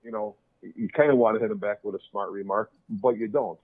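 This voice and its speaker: A man with a lowish voice chatting easily as a club guest. He comes through a tinny, dry phone line. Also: fast talker, no echo. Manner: conversational, agreeable. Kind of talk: casual chat.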